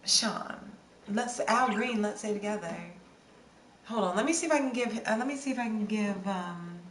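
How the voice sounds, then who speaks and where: Young woman streamer, casual scattered chat, roomy echo, faint background hiss; medium pitch. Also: expressive, normal speed. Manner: chatty, scattered, answers song requests with bits of singing. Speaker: livestream host. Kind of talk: casual livestream chat, reading viewer comments. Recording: roomy with faint ambient noise.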